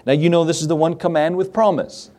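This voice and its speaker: A man's voice: fairly high pitch, fairly even intonation, quick pace, mellow. A middle-aged man, a pastor, preaching a sermon in a folksy, conversational way with chuckling asides.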